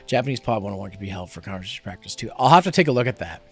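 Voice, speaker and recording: A man's voice: fairly low pitch, expressive, very fast, husky, soft background music. A young adult man streaming a game, chatting casually and rambling with many fillers.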